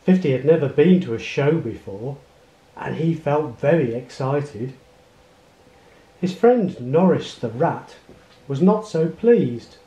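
Male read-aloud narrator, unhurried and lilting, echoey room. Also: on the high side, highs cut off. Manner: expressive read-aloud storytelling. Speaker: storybook reader. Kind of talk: reading a children's picture book aloud. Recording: roomy echo.

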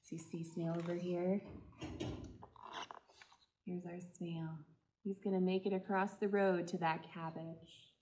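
Slow-paced librarian woman reading to kids. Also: on the low side, level tone, slight background noise. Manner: gentle, talks directly to children. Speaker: children's librarian. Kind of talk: storytime read-aloud.

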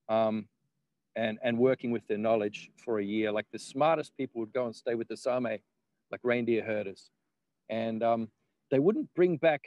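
A man's voice: medium pitch, darkish tone, dry recording, rough recording. A man, a guest in casual conversation, rambling with laughs and the odd swear word.

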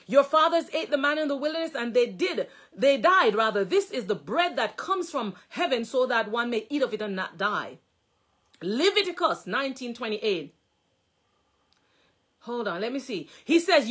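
A woman minister delivering a sermon, her voice high and bright. She reads scripture aloud and works through it, repeating phrases for emphasis and breaking into fervent exclamations of praise. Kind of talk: sermon, reading and explaining scripture.

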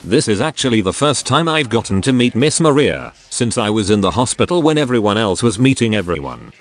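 Low, lively synthetic male story reader. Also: fairly quick, soft background music. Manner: reads crude first-person anecdotes straight through. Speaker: narrator. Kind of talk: text-to-speech reading of forum stories.

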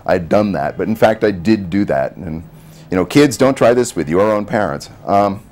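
Deep-voiced man telling stories, hesitant. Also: expressive, normal speed, darkish tone. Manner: rambling, hesitant, with many ums. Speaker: son of an actress, interviewee. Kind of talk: casual storytelling interview.

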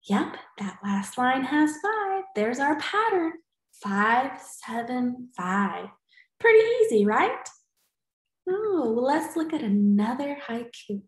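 A woman teacher giving a recorded poetry lesson to young students, cheerful and slow, clapping out syllables and sometimes whispering. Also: high-pitched, very animated, echoey room, poor audio. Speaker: elementary school teacher.

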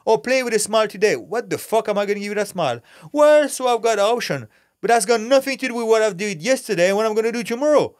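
A man's voice: high voice, sing-song, fast, no echo, clean studio sound. A middle-aged man, an actor and former fighter, talking candidly as a podcast guest in a blunt, intense way and swearing freely. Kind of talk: candid podcast interview talk.

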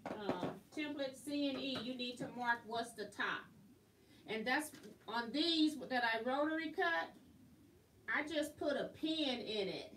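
A woman hosting a casual live quilting tutorial, chatty and quick to laugh. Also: high-pitched, fairly bright tone. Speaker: quilting instructor and host. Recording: roomy, distant mic, faint noise.

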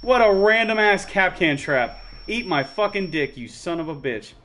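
A man narrating his own match for his channel, excitable and cursing freely at every trap and ambush. His voice sits a touch high and leaps up and down with the action. A faint hum of noise sits under his chat. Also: moderate pace. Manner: excitable, heavily profane trash talk. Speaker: gaming channel host. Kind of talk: casual gaming chat with friends.

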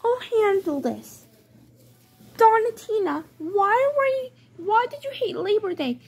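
Brief: woman voicing a patient little-girl doll, high and unhurried. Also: lively intonation. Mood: calm. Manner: reassuring, slow and patient. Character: calm, helpful young girl doll. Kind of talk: toy play storytelling.

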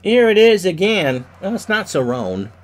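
Stuffy man, fairly high voice, solo baseball play-by-play; loud on hits, low for asides. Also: very animated, measured pace. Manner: rises loudly on hits, drops low for asides. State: stuffy from sneezing. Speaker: play-by-play commentator of a simulated game.

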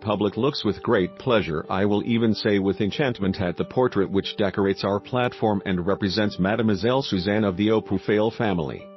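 A man's voice: fairly low pitch, brisk, few pauses, highs cut off, soft background music, natural voice. A man voicing a pompous circus ringmaster giving a formal toast in a storybook. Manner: formal, speechmaking.

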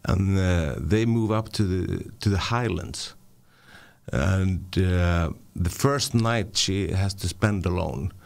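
A deep man with a gravelly edge, talking in a halting way with lots of fillers and restarts. He has a cold and it comes through in his voice. It's a casual radio studio chat. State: voice affected by a cold. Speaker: radio producer.

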